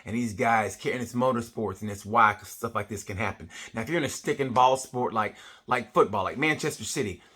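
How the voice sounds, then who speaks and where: A man's voice: medium pitch, fairly quick, bright, forceful tone, slightly rough. A middle-aged man giving a casual comedic race review, blunt, profane and rambling. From United States. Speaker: motorsport vlogger.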